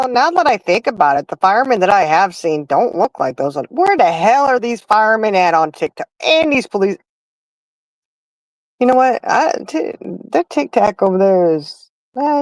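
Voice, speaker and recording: A woman's voice: mid-range voice, no echo, low-quality recording. A middle-aged woman, hosting a livestream and chatting casually, telling stories with frequent laughs and calling her listeners "y'all". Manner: chatty storyteller, laughing, addresses chat as y'all. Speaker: livestream host. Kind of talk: casual chat.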